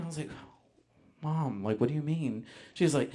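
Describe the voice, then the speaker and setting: A man telling a personal story live on stage, animated, acting out voices, with frequent ums. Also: mid-range voice, normal speed, vocal fry. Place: stage before a live audience.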